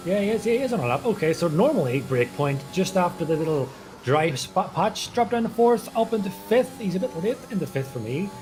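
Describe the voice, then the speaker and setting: Male guest commentator with a somewhat high, animated voice, explaining the lines and braking, modest and joking. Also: a little fast, few pauses, over music. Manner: self-deprecating, explains driving technique. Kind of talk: sim racing commentary.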